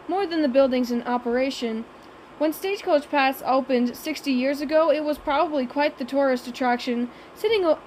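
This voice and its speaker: A woman's voice: high-pitched, darkish tone, slight background noise, rough recording. A woman narrating an audiobook in the first person, with a wry, sarcastic young voice.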